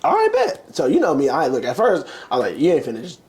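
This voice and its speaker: A man's voice: mid-range voice, very animated, very fast, darkish tone. A young man casually telling a long story as an interview guest, acting out the quotes with big jumps in his voice. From United States. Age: young adult. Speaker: interview guest, former college basketball player.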